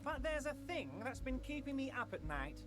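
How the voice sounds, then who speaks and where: A man's voice: very high voice, big pitch swings, normal speed, over music, pitched above the performer's own voice. A man voicing a scheming middle-aged union boss who sounds falsely friendly and slips in veiled threats, reading game dialogue on a stream. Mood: oily persuasive.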